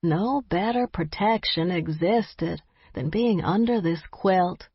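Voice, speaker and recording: A woman's voice: on the low side, breathy edge, no room sound, muffled recording. Woman narrating a wry cozy mystery. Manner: measured, wry storytelling. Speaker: audiobook narrator. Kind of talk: first-person scripted narration.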